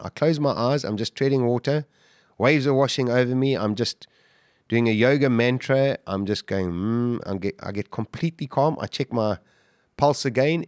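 A middle-aged man, a guest on a podcast, gives an animated, vivid retelling of how he survived, acting out his own quotes intensely. He has a lowish voice, and the recording is clean studio sound with no echo.

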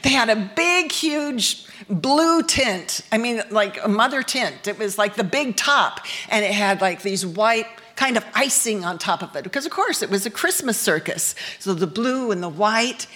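A woman's voice: fairly high pitch, expressive, normal speed, bright, forceful tone. A woman from the United States telling a bawdy personal story on stage, candid and laughing as she goes. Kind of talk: live storytelling performance.

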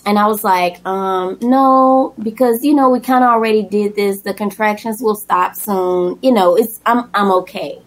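A woman's voice: moderate pace, few pauses. A young woman telling a personal story in a casual, chatty way, often acting out what people said. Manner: chatty and animated, acts out quoted lines in a high voice. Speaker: guest telling her birth story.

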